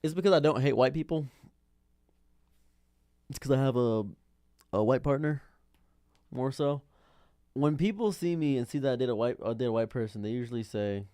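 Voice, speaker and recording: A Detroit streamer in his thirties rambles through a casual, off-the-cuff commentary monologue, repeating himself and sounding baffled and exasperated. His voice is dark and medium-pitched at a normal speed, broken by long pauses. The recording is dry, with clean studio sound.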